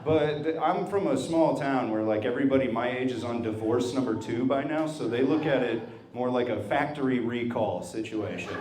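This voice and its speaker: In an echoey brewery full of people, a thirty-something comedian delivers a conversational, self-deprecating, wry set. He talks at a normal speed in a medium-pitched voice, barely pausing.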